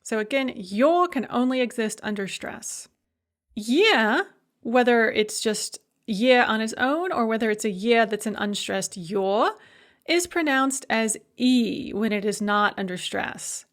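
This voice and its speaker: A woman with a slightly high voice delivers a recorded lecture. She explains each rule methodically and then says the example words slowly and distinctly. Her tone stays patient and instructional throughout. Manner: clear, methodical, models each word aloud. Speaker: language instructor.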